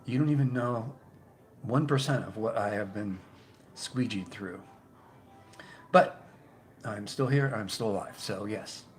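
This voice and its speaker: A man hosting a casual live stream, reading viewer comments and chatting in a rambling, halting way, repeating his words. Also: on the low side, soft background music. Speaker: YouTube channel host.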